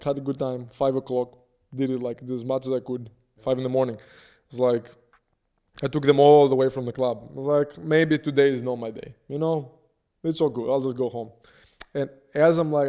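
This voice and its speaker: Guest, young man, animated casual storyteller. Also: medium pitch. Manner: animated, swearing freely.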